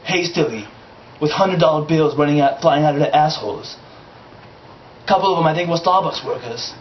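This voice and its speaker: A slightly high-voiced man talks briskly as the comic character host of an amateur sketch. He rambles and improvises in a vague, put-on foreign accent, and the footage is roomy, dull lo-fi home video.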